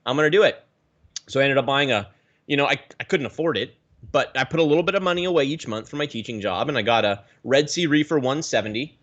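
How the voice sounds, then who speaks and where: A man from the Pacific Northwest, a guest telling his story in a rambling, animated way with many restarts, on a video call. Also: medium pitch, quick pace, muffled recording. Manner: animated, rambling, self-correcting. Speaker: guest, aquarium YouTuber.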